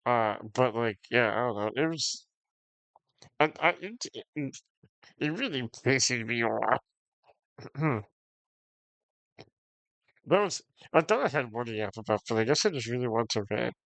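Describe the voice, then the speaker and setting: A man talking to his stream chat in a loose, profane rant, audibly fed up but breaking into short laughs. His voice sits at an ordinary middle pitch. The sound is dry, with no room around it. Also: lively intonation, measured pace, vocal fry, pauses often, a bit bright, no room sound. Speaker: game streamer. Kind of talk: casual ranting to stream chat.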